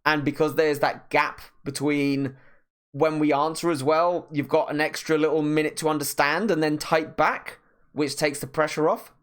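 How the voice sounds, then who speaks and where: A man streaming his artwork, chatting casually and talking slowly with deliberate pauses. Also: fairly high pitch, level tone. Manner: rambling, many restarts. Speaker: art streamer. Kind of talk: casual chat while painting on stream.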